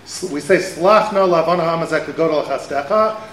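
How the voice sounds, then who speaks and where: High-voiced man lecturing animatedly. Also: moderate pace, a little hiss or hum. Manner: animated, many rhetorical questions and fillers. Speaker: rabbi teaching a class. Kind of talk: lively lecture. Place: event hall. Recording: roomy hall sound.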